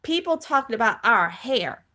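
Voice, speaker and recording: A woman with a Southern accent speaks in a fairly high voice. She is a guest in an interview and talks in an emphatic, motivational way. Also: big pitch swings, unhurried, pushed and bright. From Georgia, US Southern. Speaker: guest, author. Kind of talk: casual interview.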